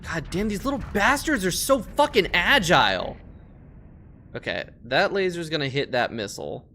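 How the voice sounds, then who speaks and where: Swearing, lively-voiced male streamer. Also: on the high side, moderate pace, slight background noise. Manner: swears a lot and gets loudly frustrated. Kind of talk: casual live-stream gameplay commentary.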